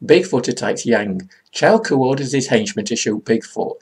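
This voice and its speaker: A man's voice: medium pitch, expressive, moderate pace, darkish tone, breathy edge. A man, giving a comedic comics review in a sarcastic, rambling way.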